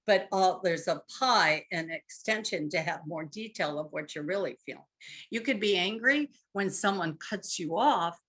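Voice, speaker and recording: A woman's voice: mid-range voice, a bit bright. A woman leading a live marriage workshop, coaching couples step by step and acting out example phrases.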